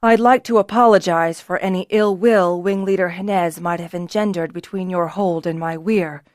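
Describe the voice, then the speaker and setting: A woman narrator voicing a calm, authoritative male dragonrider leader in a fantasy audiobook, firm and steady. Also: lowish voice, moderate pace, dry recording, clean studio sound, natural voice.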